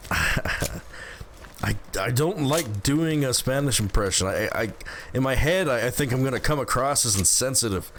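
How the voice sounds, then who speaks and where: A young man chatting casually to his stream while he plays, easygoing and unhurried. His voice rises and falls a lot as he rambles, stopping and restarting his sentences. A faint noise sits underneath the voice. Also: mid-range voice, lively intonation, fairly bright tone. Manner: hesitant, rambling with many fillers and restarts. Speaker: game streamer. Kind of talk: casual live-stream chat.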